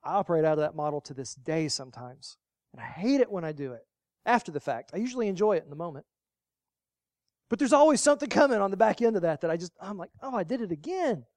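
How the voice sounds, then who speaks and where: A pastor preaching a sermon, rising to loud emphatic lines and dropping to quiet, low asides, repeating key phrases. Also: sing-song, fast, dry recording.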